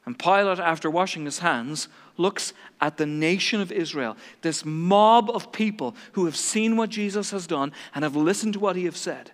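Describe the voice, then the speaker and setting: High-voiced, bright male preacher. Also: in a large hall. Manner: dramatic, emphatic preaching with voiced quotes. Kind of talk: sermon.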